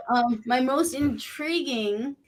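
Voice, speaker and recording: Brief: higher-voiced upbeat woman guest, faint noise behind. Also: extremely slow, rough recording. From Canada. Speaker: paranormal investigator, guest. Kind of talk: casual storytelling.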